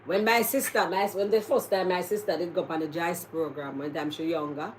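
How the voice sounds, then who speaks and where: Animated Jamaican woman telling stories. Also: lowish voice, brisk, a little hiss or hum. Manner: animated storyteller, laughs often. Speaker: host. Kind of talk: casual chat, storytelling.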